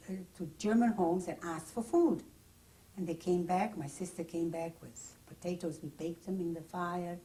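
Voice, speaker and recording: Older woman recalling memories, lowish voice. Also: darkish tone, far from the mic, rough recording. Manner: plain, vivid first-person recollection. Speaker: interviewee. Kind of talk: oral history testimony. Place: private home.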